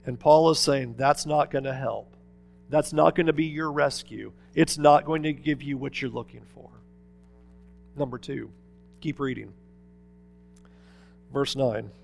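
A man preaching a sermon as pastor, swinging between loud, urgent appeals and hushed, quiet asides. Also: medium pitch, measured pace, gravelly, long pauses, faint music behind.

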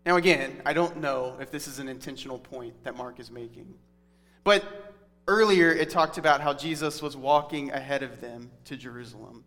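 A man's voice: on the high side, normal speed, fairly bright tone, soft background music. A man in his thirties preaching a sermon in a conversational, earnest teaching manner. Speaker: pastor. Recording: long hall reverb.

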